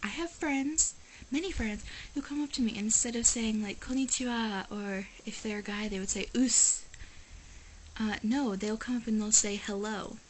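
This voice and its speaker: A woman's voice: fairly high pitch, brisk, a little hiss or hum, rough recording. Emphatic chatty woman vlogger. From United States. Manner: exasperated, emphatic, chatty with many "like"s. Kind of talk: casual talk to camera. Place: living in Japan.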